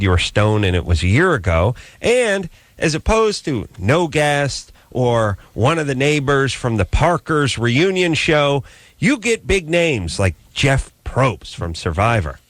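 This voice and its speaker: Wisecracking male radio host, lively pitch. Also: no echo. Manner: joking, wisecracking. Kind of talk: casual radio banter.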